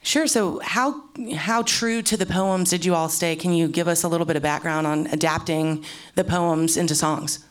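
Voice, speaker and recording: A woman's voice: on the low side, fairly even intonation, moderate pace. Upbeat woman radio host. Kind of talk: radio interview.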